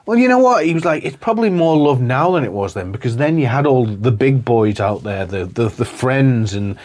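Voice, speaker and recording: A man co-hosting a casual podcast, full of jokey banter and frequent laughter. His pitch swings widely as he talks, sitting in a middle register. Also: lively intonation, normal speed, a little mellow. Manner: jokey banter, laughs often, lots of "mate". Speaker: podcast co-host. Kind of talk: casual chat.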